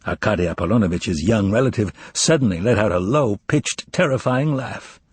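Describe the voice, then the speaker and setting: A man narrating an audiobook in an expressive way, voicing each character. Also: fairly low pitch, moderate pace, breathy edge, no echo. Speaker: audiobook reader.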